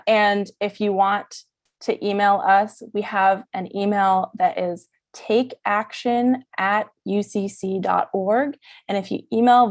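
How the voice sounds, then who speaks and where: A woman's voice: medium pitch, dry recording. A woman speaking on an online panel webinar as a church advocacy staffer, eager and chatty.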